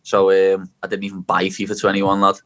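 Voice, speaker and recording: Young scouse lad, lowish voice, blunt and sweary, casual podcast guest. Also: male voice, monotone, a little fast. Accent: Liverpool Scouse. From Liverpool, England. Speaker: guest, fighter. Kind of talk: casual chat.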